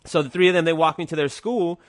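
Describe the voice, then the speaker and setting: A man with a stuffed-up nose tells a story as a podcast guest, wandering and loose in his phrasing. His voice sits fairly high for a man. The sound is dry and close, with no room echo. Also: quick pace. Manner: rambling, loose, says "man" a lot. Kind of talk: casual storytelling.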